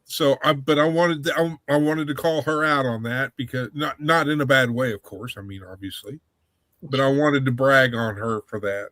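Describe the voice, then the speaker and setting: A man hosting a casual livestream chat, rambling with halting restarts. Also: medium pitch, a bit bright, no echo.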